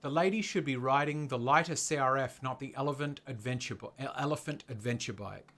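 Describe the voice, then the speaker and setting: A young man co-hosting a casual livestream, animated, often mimicking other people's comments in mocking voices. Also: mid-range voice, a little fast. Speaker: co-host of motorcycle channel.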